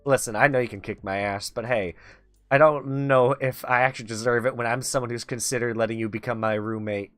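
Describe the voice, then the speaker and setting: A man's voice: mid-range voice, steady tone, a little fast, fairly bright tone, dry recording. A man hosting a casual talk show, teasing his guest and laughing often. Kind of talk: casual chat. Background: faint background music.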